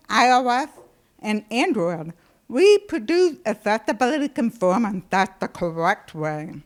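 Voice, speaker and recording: A woman from the United States gives a presentation in a slow, unhurried delivery. Her voice sits a little high for a woman. She is animated and playful as she walks through the examples. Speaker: conference presenter. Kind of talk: presentation talk.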